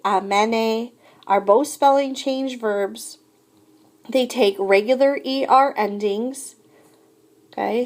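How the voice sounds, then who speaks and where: A woman with a voice on the high side teaches French in a recorded lesson. She patiently explains verb endings and models each conjugation aloud.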